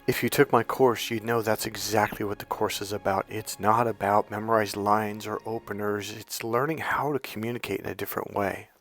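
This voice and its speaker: A man, a dating coach, telling a personal story in a casual monologue, animated, swearing now and then, and acting out the lines of people in it. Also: on the low side, brisk, few pauses, dry recording, faint music behind. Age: young adult. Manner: animated, swears and acts out quotes.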